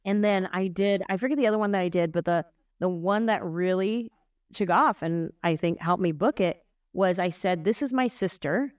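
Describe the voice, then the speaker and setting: A woman comedian in her forties tells stories on a podcast, lively and demonstrative, slipping into brief voices to show what she means. The recording is dry and a little muffled, with a slightly lo-fi sound. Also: mid-range voice, normal speed, no room sound. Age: 40s. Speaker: guest comedian. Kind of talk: casual storytelling in a podcast interview.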